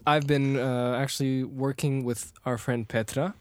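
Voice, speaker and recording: A man's voice: medium pitch, level tone, measured pace, dry recording. A man co-hosting a podcast, telling a rambling story in casual chat, with frequent restarts and laughter. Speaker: podcast co-host.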